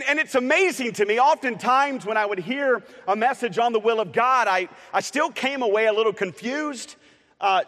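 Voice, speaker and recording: A male preacher gives a conversational, playful sermon in a church sanctuary, joking with the congregation amid frequent uh's and restarts. His voice is high and a bit bright, carried by the long reverb of a church hall.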